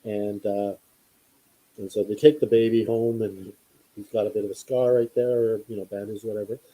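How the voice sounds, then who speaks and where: A man spins a story in a relaxed, meandering way, stopping and starting with lots of filler words. His voice is very dark and husky. He sounds like a podcast host chatting across the table. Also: lowish voice, moderate pace, rough recording. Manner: rambling, many fillers and restarts. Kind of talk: casual storytelling.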